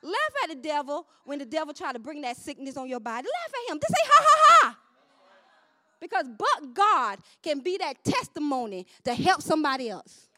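A woman preaching a fervent sermon, swinging from loud shouted declarations down to low murmured asides, calling on the congregation to answer. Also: very animated, fairly quick, hardly any pauses, slight background noise.

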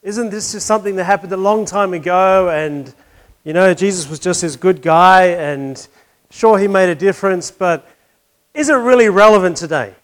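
Guy preaching casually, kinda high pitched, asks lots of questions, wry jokes. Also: normal speed. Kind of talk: sermon with a told joke.

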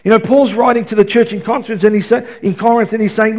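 A man with a fairly high voice preaches to his church in a talky, conversational way, doubling words as he goes. He swings from quiet asides up to loud, pressing emphasis. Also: steady tone, quick pace. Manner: conversational, repeats words and restarts, rises to loud emphatic passages. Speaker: pastor. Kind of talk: sermon.

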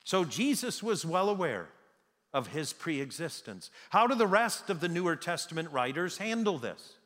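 A man preaching a sermon as pastor in a church sanctuary, emphatic, with slow dramatic pauses. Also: fairly high pitch, very animated, fairly bright tone. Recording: long reverb of a large hall.

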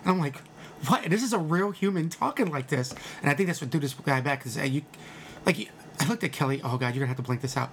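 A man's voice: fairly high pitch, fast talker. A man recapping a movie in casual podcast chat, rambling and laughing as he acts out quotes. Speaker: podcast co-host telling about a movie. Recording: faint background noise.

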